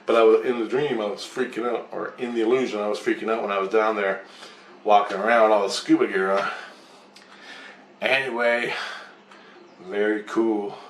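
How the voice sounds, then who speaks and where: A man's voice: fairly low pitch, steady tone, normal speed, long pauses, far from the mic, a little hiss or hum. Rambling, swearing man in an echoey room. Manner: profane, rambling storyteller who acts out both sides of the talk. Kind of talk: rambling casual monologue. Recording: roomy echo.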